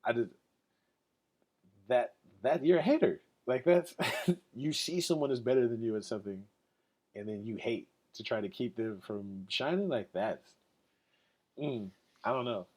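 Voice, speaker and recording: A man's voice: mid-range voice, measured pace, long pauses, a little mellow. A man hosting his own podcast alone, talking casually in a loose, rambling and profane way with lots of "like" fillers. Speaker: podcast host. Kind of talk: casual solo podcast talk.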